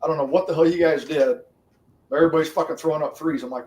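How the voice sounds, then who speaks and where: A livestream host chats casually with his viewers, swearing nonstop, rambling and laughing a lot. His voice is fairly high and fast, a bit mellow, with fairly even intonation. The sound is roomy and distant from the mic, with slight background noise.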